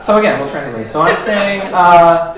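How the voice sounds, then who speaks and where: A man in his thirties from Illinois doing a stand-up set, rambling and self-deprecating with halting fillers, recorded in a roomy club from far off with an audience. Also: fairly high pitch, animated, heavy background noise. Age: 30s. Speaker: stand-up comedian. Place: small comedy club stage.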